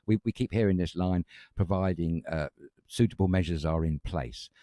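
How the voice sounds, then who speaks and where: Deep, dark-voiced London man hosting. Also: normal speed, no room sound, studio quality. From north London, England. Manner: chatty, emphatic, addresses viewers directly. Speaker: talk show co-host. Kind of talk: live chat show presenting. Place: studio.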